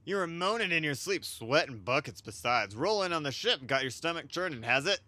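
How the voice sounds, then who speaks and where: A man's voice: on the high side, animated, a little fast, sharp tone, no echo, pitched above the performer's own voice. A man voicing a chatty, folksy male peddler on a ship, reading game lines in an amateur voice-over with homespun talk. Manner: homespun talk, calls listener lad, says reckon.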